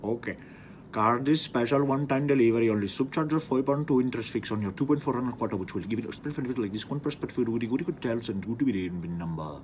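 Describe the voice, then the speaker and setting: A man playing a fast-talking bank call agent with an Indian accent, over-polite and spouting garbled jargon. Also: mid-range voice, darkish tone, slight background noise, close to an everyday voice. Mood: eager pitch. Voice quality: rapid gibberish jargon, over-polite "sir" every line. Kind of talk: comedic phone prank skit.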